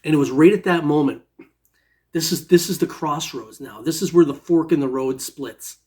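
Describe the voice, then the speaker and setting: A man's voice: fairly high pitch, moderate pace, a little mellow. A man casually telling a long personal story, rambling with many restarts. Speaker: metal detecting storyteller.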